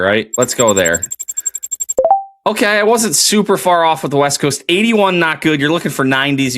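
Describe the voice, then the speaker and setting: A man talks casually on his own podcast, thinking out loud and muttering to himself as he goes. His voice sits at an everyday middle pitch, recorded close and dry with no room around it. He rambles freely, with plenty of "like" and "uh.". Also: no echo. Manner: thinks aloud while playing a geography quiz, muttering guesses; excited, rambling TV recap with many fillers. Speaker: podcast host. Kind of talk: casual solo podcast talk.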